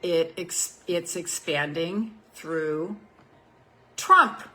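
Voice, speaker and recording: A woman's voice: fairly low pitch, extremely slow, bright, forceful tone, poor audio. A woman in her seventies, a life coach, talking casually on a group call and reading affirmation cards, frank and given to repeating her points. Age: 70s. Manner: frank, swears freely, repeats phrases for emphasis.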